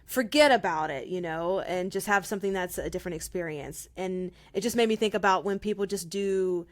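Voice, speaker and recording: A woman co-hosting a podcast in casual chat, playful and quick to laugh. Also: fairly low pitch. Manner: laughs often, playful and upbeat. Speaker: podcast co-host.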